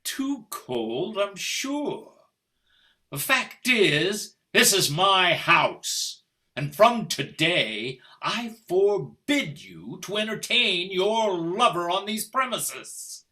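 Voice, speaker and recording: A man's voice: high-pitched, very animated, very slow, bright, forceful tone, full character voice. An older man playing a cold, formal husband, on a video call, speaking with precise diction and sarcastic menace. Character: stiff, icy English husband Richard, middle-aged. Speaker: stage actor. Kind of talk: stage play reading over video call.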